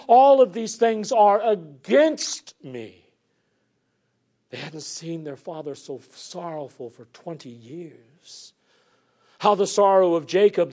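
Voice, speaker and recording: Earnest preacher with hushed, soft drops. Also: male voice, sits high. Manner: earnest, swinging between emphatic declarations and hushed, soft passages. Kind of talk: sermon.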